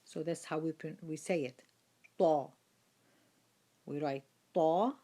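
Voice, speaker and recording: This is a woman with a fairly low voice teaching Quran reading. She talks very slowly and patiently, naming each letter and repeating its sounds. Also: dark tone. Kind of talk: slow lesson on Arabic letters.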